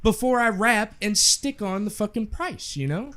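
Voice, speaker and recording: A young man with a slightly raised voice tells a story on a casual podcast. He is animated and swears freely, and he acts out the people he talks about. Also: high-pitched, normal speed. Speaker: podcast co-host.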